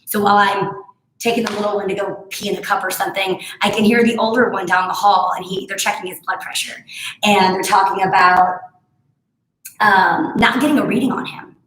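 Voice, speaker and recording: A woman's voice: medium pitch, steady tone, brisk, a bit bright, roomy sound, low-quality recording. A woman in her thirties teaching a home barre workout, chatting through stories between exercise cues. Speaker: barre instructor. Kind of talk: live home workout class cueing.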